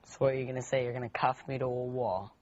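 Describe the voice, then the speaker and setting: A sullen teenage boy talks back defiantly as a talk show guest. His voice is mid-pitched and the sound is dull and muffled. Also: steady tone, quick pace, darkish tone. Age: teens.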